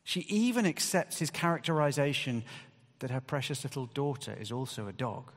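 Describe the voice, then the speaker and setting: A man's voice: mid-range voice, animated, moderate pace. A man preaching a sermon to a congregation, talking in a conversational way with emphatic bursts of stress. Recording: long hall reverb.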